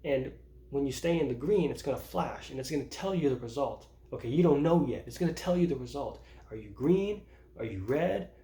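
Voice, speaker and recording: A man's voice: mid-range voice, expressive, fairly quick, dark tone. A man in his thirties talking casually about his own life in a vlog, rambling with many restarts and laughing at himself. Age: 30s. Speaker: vlogger. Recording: roomy echo.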